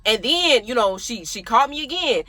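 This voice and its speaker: A young adult woman vlogger tells her viewers a story in casual chat, addressing them directly and laughing often. Her voice is on the high side, sing-song, bright and forceful, at a moderate pace. The recording has no echo.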